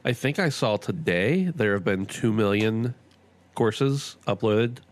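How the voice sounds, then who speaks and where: A man co-hosting a casual gaming podcast, making quick, matter-of-fact remarks. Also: lowish voice. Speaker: podcast co-host. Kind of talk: casual chat.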